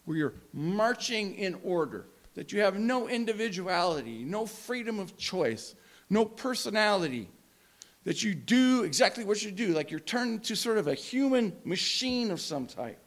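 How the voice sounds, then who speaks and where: A man preaching a sermon with passion, swinging between loud emphasis and hushed, quiet moments. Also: high-pitched, very animated, normal speed. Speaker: pastor.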